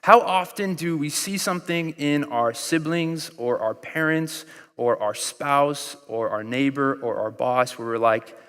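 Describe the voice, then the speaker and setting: A man's voice: on the high side, measured pace, fairly bright tone, smooth, in a large hall. A man in his thirties with an American accent, preaching a sermon in a conversational, storytelling way and acting out quoted voices. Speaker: pastor.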